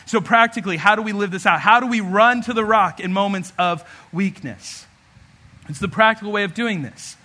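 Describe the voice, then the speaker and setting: A man preaching a sermon as pastor, animated and humorous, acting out everyday scenes. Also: sits high, moderate pace.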